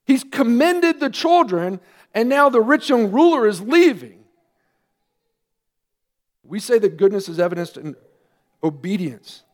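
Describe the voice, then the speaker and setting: A man, a pastor, preaching a sermon earnestly, with emphatic rising questions and quieter asides. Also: high-pitched, very animated, a little slow, pauses often.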